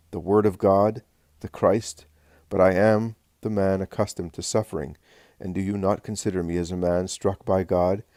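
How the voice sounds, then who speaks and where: Male reader playing a calm, loving teacher, low and measured, close and dry. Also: no echo, lightly acted.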